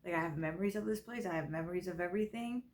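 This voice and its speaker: A woman's voice: on the low side, rapid-fire, a little mellow. A young woman in her twenties talks through a personal story in a casual vlog. She sounds tired and rambles, stacking up fillers and correcting herself mid-sentence. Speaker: vlogger. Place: grandmother's house.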